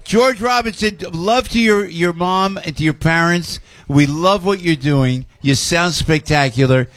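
Excitable New radio host, dry sound. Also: male voice, on the high side, measured pace, dry recording. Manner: excitable, shouting and laughing, New York showman banter. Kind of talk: animated radio talk.

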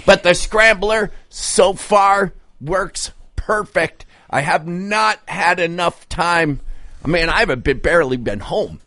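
Excited guy gabbing on a radio show, kinda high voice, dry close mic. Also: slow pace, dry recording. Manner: enthusiastic, animated storytelling. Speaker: radio co-host. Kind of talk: casual banter.

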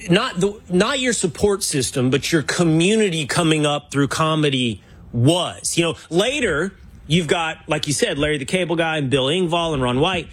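A male interviewer who circles around his questions and reaches for the right words as he goes. His voice is husky and sits a little high. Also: lively intonation, moderate pace, a bit bright. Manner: rambling, searching for words. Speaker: podcast host.

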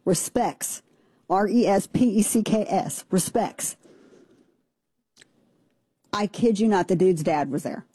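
A woman in her forties with a Southern Missouri accent, co-hosting a talk show and telling family stories in a chatty, animated way. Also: mid-range voice, normal speed, hardly any pauses, husky, dry recording. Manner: chatty storyteller, animated and laughing. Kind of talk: casual chat.

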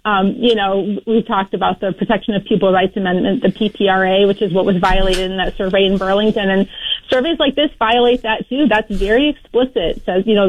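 A woman advocating for parents as a guest on talk radio, explaining earnestly with many fillers. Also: medium pitch. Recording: dry, dull radio broadcast audio.

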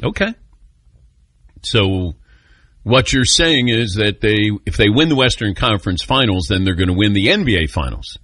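A man's voice: lowish voice, normal speed, no echo. A man hosting a sports call-in radio show, telling stories with a laugh and taking callers. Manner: storytelling, animated, laughs often.

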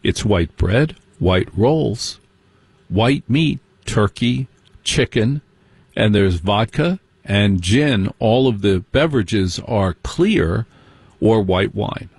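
A man telling a personal story as stand-up comedy, wry and mocking, slipping into quick impressions of other people. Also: on the low side, lively intonation, a little mellow, breathy edge, no echo.

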